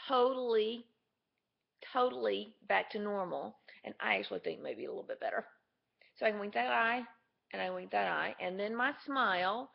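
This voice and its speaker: Woman with a heavily gravelly fry. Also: medium pitch. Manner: candid and chatty. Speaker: vlogger. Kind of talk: casual video diary to camera. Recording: dull lo-fi camera audio.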